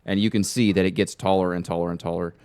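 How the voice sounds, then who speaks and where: A man's voice: deep voice, steady tone, fast talker, a little mellow. A man narrating a tabletop game as game master, casually describing scenes. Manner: casual, descriptive, repeats words.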